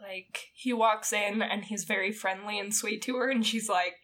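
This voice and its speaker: A woman's voice: medium pitch, steady tone, moderate pace, a bit bright. A woman co-hosting a podcast, giving frank, wry opinions in casual chat. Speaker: podcast co-host.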